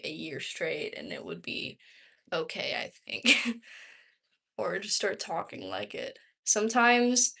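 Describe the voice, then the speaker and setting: Young southern woman just rambling on a live stream, lots of likes and ums, pretty average pitch. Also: fairly bright tone. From Texas, US. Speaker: vlogger. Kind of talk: casual livestream chat.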